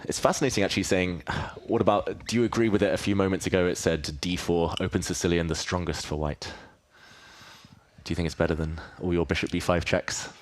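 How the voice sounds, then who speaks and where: Male host, very low voice, upbeat and teasing, live studio chess stream. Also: fairly even intonation, brisk. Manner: upbeat, teasing, addresses the chat.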